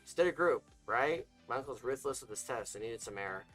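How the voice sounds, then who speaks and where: A man's voice: medium pitch, animated, moderate pace, fairly bright tone, faint music behind, close to an everyday voice. A man voicing a tired, earnest young man in a read-aloud story. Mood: weary.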